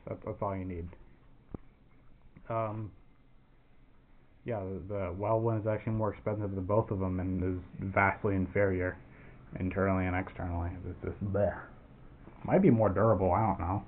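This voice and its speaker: A man with a lowish voice talks through a casual gear demo, rambling and cursing as he restarts his sentences. The sound is thin and phone-like, with a faint hiss underneath. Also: fairly even intonation, normal speed, long pauses. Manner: rambling and profane, with frequent restarts. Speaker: airsoft gear reviewer. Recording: tinny phone-like audio with faint noise.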